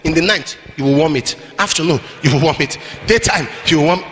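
A man with a Nigerian accent preaching a sermon, telling stories animatedly with bursts of shouting. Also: sits high, very animated, a little fast, few pauses, slight background noise. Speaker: apostle, preacher.

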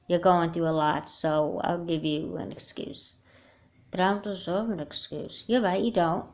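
A woman's voice: lowish voice, darkish tone, lightly acted. A woman voicing an earnest, chatty young girl in a homemade doll movie, talking in long explanations.

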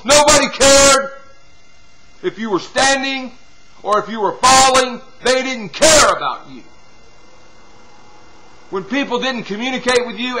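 A man preaching a sermon, dropping from loud appeals to hushed, quiet passages and punctuating with "see?" and "hallelujah". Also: very high voice, background noise. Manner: swings from loud exhortation to hushed near-whispers.

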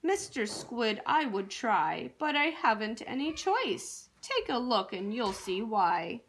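A woman's voice: fairly high pitch, big pitch swings, takes it slowly, a little hiss or hum, pitched below the performer's own voice, heavily acted. A woman voicing a gloomy male fish in a children's storybook, chanting his mopey refrain in a sing-song way. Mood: glum.

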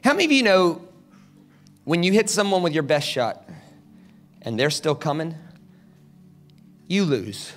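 High, lively preacher man. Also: measured pace, pauses often. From South Carolina, USA. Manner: animated, dramatic, acts out quotes. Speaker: guest preacher. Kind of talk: storytelling sermon. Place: church service, large hall.

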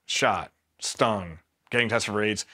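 A middle-aged man from Pennsylvania, a Marine veteran, telling war stories in a casual, deadpan way and quoting himself flatly. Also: lowish voice, slow pace. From Pennsylvania, USA. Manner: laid-back, deadpan, quotes himself flatly. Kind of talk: casual storytelling interview.

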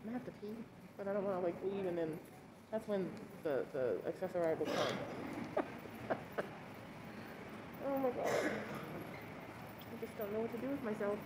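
A woman vlogs outdoors while she waits for a cab. She talks in a loose, rambling way and sighs often. Loud wind noise rumbles over the phone recording. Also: animated, unhurried, pauses often. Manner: rambling and chatty, with frequent sighs. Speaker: vlogger. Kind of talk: casual vlog chat to camera.

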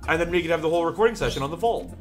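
A young man with a fairly high voice tells a rambling, profanity-laced story while hosting a let's play. His delivery is casual and loose, and game music plays beneath him. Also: animated, racing. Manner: rambling storyteller, swears freely. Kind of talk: casual gameplay commentary.

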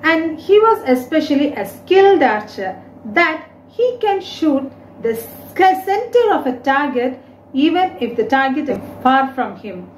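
Woman, teacher, very lively pitch, slight room echo. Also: measured pace, slight background noise. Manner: explains words, retells story in simple English. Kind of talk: explaining a reading lesson.

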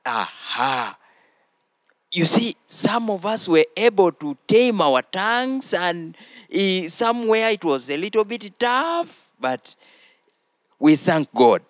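A man hosting a children's church show, teaching slowly and prompting the children to repeat phrases after him. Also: sits high, sing-song, no echo. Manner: slow, deliberate, prompting listeners to repeat phrases. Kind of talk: teaching children with call-and-response.

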